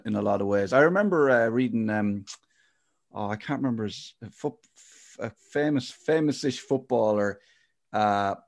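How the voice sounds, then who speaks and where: A man hosting a podcast, talking casually and rambling with many restarts. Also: lowish voice. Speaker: podcast host. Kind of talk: casual chat.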